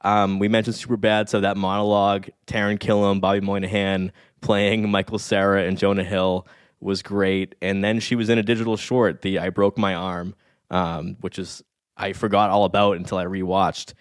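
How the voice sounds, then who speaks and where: Speaking as a podcast guest, a statistics expert in his thirties looks back on past comedy episodes, casual, enthusiastic, reflective and rambling. His low voice keeps a level tone at normal speed, recorded dry and clean with studio quality.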